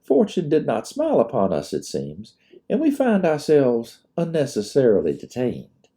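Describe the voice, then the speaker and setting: A man's voice: mid-range voice, huge pitch swings, moderate pace, warm tone, pitched above the performer's own voice. A man voicing a courteous young lieutenant. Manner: formal and courteous.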